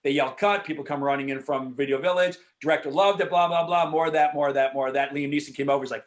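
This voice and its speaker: A man, an actor, answering questions in a casual Q&A over a video call, frank and animated, swearing freely and filling talk with asides. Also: a little high, fast, few pauses. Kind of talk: casual Q&A storytelling.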